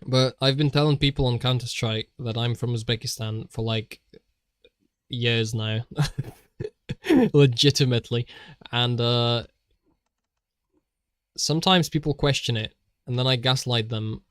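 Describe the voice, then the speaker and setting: A man's voice: medium pitch, measured pace, pauses often, smooth, no echo. Rambling, jokey man on a dry mic. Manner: jokey, rambling, laughs often, restarts. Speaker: streamer. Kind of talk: rambling stream chatter while drawing.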